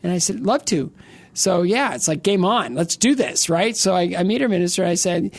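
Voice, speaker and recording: A man's voice: high voice, expressive, moderate pace, no echo. A middle-aged man guest in an interview, telling a personal faith story in a rambling, joking way with many restarts. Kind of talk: casual interview, personal testimony.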